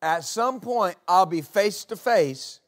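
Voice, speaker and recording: Male pastor, sermon delivery, high-pitched and unhurried, emphatic repetition. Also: lively intonation. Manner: slow, emphatic preaching with repeated phrases; rises to loud exclamations at climaxes.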